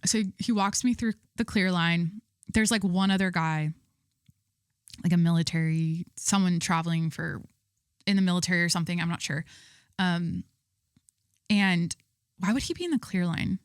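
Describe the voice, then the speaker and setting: A woman's voice: medium pitch, fairly bright tone, dry recording, clean studio sound. A young woman hosting her own podcast, telling stories in a rambling, chatty way full of fillers. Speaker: podcast host. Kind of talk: casual chat.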